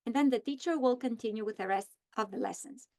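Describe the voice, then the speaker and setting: Woman, high voice, teacher trainer, deliberate modeling of a lesson script. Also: dark tone. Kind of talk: instructional walkthrough.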